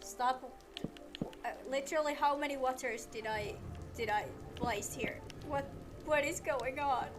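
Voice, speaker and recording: Unhurried and high-voiced, a streamer chats about her gameplay until exasperation sets in and she scolds the game, saying the same things again. Game music is clearly audible beneath her.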